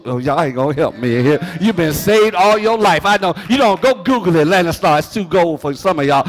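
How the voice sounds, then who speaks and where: A middle-aged man preaching a sermon, swinging from soft asides to shouted, half-sung phrases. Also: fairly high pitch, animated, fairly quick. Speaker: pastor.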